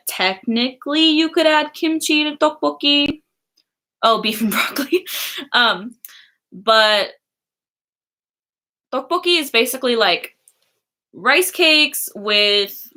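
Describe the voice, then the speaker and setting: Young woman streamer chatting w/ her viewers, lots of giggles and fillers, bright tone. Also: fairly high pitch. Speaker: livestream host reading chat. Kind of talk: casual livestream chat.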